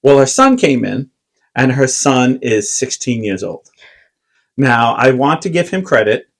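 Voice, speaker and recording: A man's voice: mid-range voice, sing-song, a little slow, poor audio. A man co-hosting a podcast, telling a long anecdote in casual chat, full of fillers and quoted lines. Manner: rambling, filler-heavy storytelling with acted quotes. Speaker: podcast co-host.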